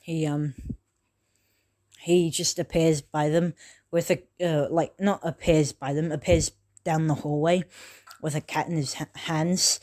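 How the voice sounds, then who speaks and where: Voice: mid-range voice, fairly even intonation, a little slow, a little mellow. Rambling casual fan storyteller. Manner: rambling, loose and unscripted, full of self-corrections; casual with frequent swearing. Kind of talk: improvised fan-fiction retelling.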